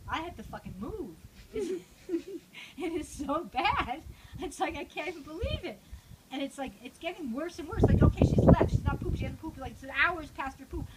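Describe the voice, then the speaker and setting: An older woman telling a rambling, profane story in casual chat, laughing often. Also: high voice. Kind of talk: casual anecdote. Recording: noisy home recording.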